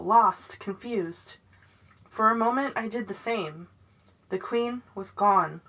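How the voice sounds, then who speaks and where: A woman reading a novel aloud in the first person, in a measured, dramatic way. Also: medium pitch, fairly bright tone, poor audio. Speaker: audiobook narrator.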